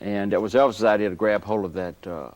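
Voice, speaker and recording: A man being interviewed, telling lively anecdotes and chuckling as he goes. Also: on the low side, fast, no room sound, dull audio. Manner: animated anecdote teller, chuckles through stories. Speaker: interview guest. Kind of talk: storytelling reminiscence.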